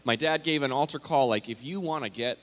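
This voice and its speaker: A man's voice: mid-range voice, a little fast, a bit bright. A man preaching a conversational, story-filled sermon as pastor of a church. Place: church sanctuary. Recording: long hall reverb.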